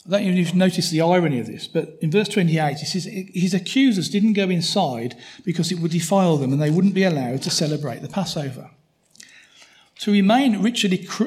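A man preaching a sermon in a conversational way, often checking in with his listeners through tag questions. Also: on the high side.

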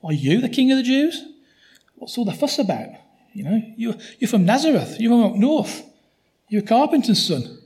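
A man's voice: very high voice, sing-song, moderate pace, darkish tone, voice pushed up. A man voicing a sarcastic, scornful male Roman governor, with a mocking, sneering emphasis.

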